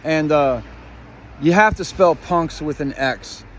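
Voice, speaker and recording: Man, high-pitched voice, rambling conspiratorial vlog monologue, swears a lot, talks to viewers directly. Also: slow. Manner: profane, swears often; rambling, jumps between topics, plays on words. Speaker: vlogger.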